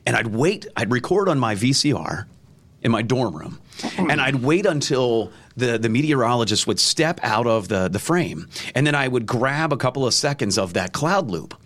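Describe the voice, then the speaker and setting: A man talking as a guest in a casual interview, easygoing and chatty. He tells long stories and often repeats a word before the rest of the sentence comes out. His pitch sits in the middle for a man. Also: sing-song, normal speed, fairly bright tone, dry recording. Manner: chatty storyteller, repeats words when starting sentences. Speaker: guest, former news anchor.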